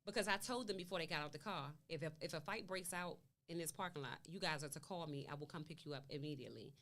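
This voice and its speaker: A woman's voice: sits low, fast talker, a bit bright. A woman being interviewed, recounting events at length and acting out the dialogue in her story. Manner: long retelling with quoted dialogue. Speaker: interview guest, mother. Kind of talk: conversational storytelling.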